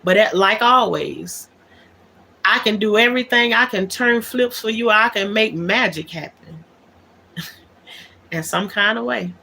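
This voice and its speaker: A woman's voice: medium pitch, measured pace, creaky, pauses often, pushed and bright, a little hiss or hum. A woman hosting a livestream, talking things out in an aggrieved, emphatic way and repeating her key words. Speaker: livestream host. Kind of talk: unscripted livestream monologue.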